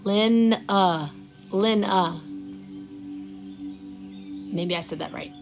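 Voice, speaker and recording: A woman's voice: mid-range voice, soft background music. Chatty woman hosting an outdoor Reiki stream. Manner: chatty, reads viewers' names aloud and fumbles them; soft, slow guided breathing cues. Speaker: Reiki practitioner and stream host. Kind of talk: live-streamed Reiki session with chat. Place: outdoors at sunrise.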